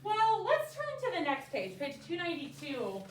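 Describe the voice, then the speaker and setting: Her voice is very high-pitched and unhurried at a normal speed as this young woman quizzes third graders during a reading lesson, keeping the questions lively and encouraging. The distant mic picks her up from across an echoey classroom with faint classroom ambience around her.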